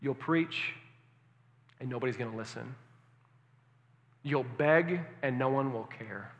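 A male pastor preaching a sermon, asking the congregation questions and swinging from hushed tones to loud emphasis. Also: medium pitch, takes it slowly, muffled recording. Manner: engaging, asks the congregation questions. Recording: long hall reverb.

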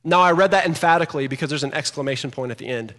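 A man preaching a sermon as pastor, animated and growing emphatic as he reads scripture aloud. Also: a little high, rapid-fire. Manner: animated, rising to emphatic loudness when quoting scripture. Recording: long hall reverb.

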